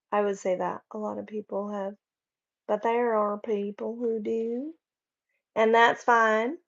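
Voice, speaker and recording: A woman hosts an easygoing livestream at home, chatting in a rambling, friendly way and reading what viewers write in. Her voice is medium-pitched, and the audio is dull.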